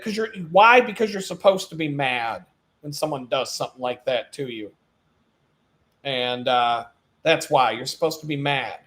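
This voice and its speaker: A man hosting his own live stream in an animated, profane ranting monologue, laughing at his own jokes as he goes. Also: a little high.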